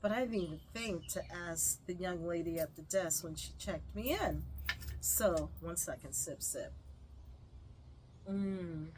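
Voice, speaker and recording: A woman vlogger chatting through a casual story, animated and full of fillers. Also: fairly low pitch, unhurried, background noise.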